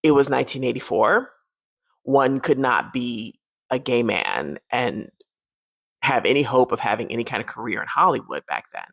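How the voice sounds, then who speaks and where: A woman's voice: rumbling low, expressive, moderate pace, vocal fry, breathy edge, no echo. A woman hosting a horror movie fun-facts video, talking casually and animatedly and laughing often.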